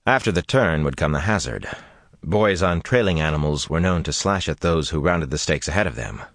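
A man narrating a fantasy audiobook with expressive, dramatic delivery. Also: a bass voice, brisk, no room sound, studio quality.

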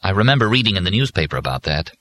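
A man's voice: low-pitched, sing-song, very fast, a bit bright, no room sound. A man voicing a weary, sardonic man down on his luck, speaking in a dry, wry way.

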